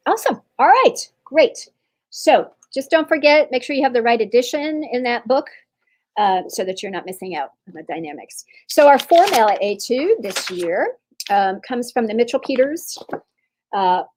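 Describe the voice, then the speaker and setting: With a noisy background behind her, a woman from Texas speaks in a slightly high voice with lively intonation at a moderate pace. Running an online percussion clinic, her masterclass talk is chatty and reassuring, with lots of fillers and restarts.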